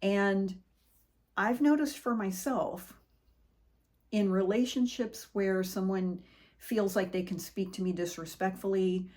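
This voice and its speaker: A woman's voice: mid-range voice, takes it slowly. Middle-aged woman host, earnest conversational motivational speaker, storytelling tone. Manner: earnest, conversational storytelling with animated quoted voices. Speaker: podcast host. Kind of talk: personal motivational monologue.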